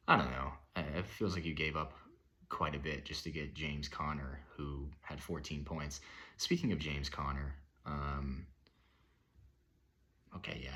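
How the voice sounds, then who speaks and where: A young man with a deep voice and a hard, forceful edge talks off the cuff. His commentary is rambling and profane, heavy with fillers as he rants about his league. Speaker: fantasy football league member reviewing the week. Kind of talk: casual unscripted commentary.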